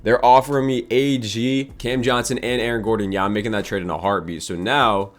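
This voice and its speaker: A man's voice: mid-range voice, steady tone, fairly quick, soft background music. A young man giving casual gameplay commentary as a gaming YouTuber, thinking aloud in slang with frustrated outbursts.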